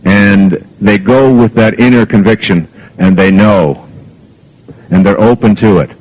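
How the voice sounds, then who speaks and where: Older man, very deep voice, motivational talk, rambling anecdotal storytelling. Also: a little mellow, poor audio. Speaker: motivational speaker.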